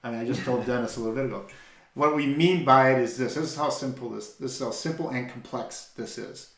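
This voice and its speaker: A man's voice: mid-range voice, fast. A man co-hosting a casual faith-based talk, telling a story with energy and often restarting his sentences. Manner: animated storytelling, repeats words when starting a thought. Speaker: podcast co-host. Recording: echoey room.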